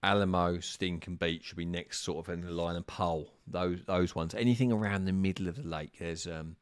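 A man's voice: low-pitched, steady tone, a little fast, smooth, dry recording, studio quality. A man on a live stream, answering viewers' carp fishing questions in a casual, rambling way with lots of ums and restarts.

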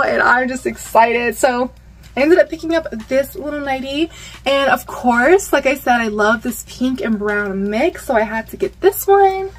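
Bubbly high-voiced young woman gushing. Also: fairly bright tone. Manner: bubbly and gushing, many fillers and squeals. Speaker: vlogger. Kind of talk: casual haul vlog.

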